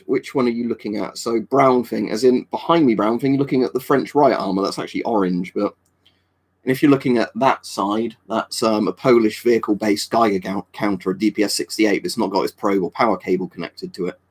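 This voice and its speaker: A man's voice: fairly low pitch, fairly even intonation, a little fast, darkish tone, breathy edge. An English man hosting a live stream, chatting casually and answering viewer comments in a rambling, offhand way. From England. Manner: rambling and offhand, with many fillers and restarts. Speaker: livestream host.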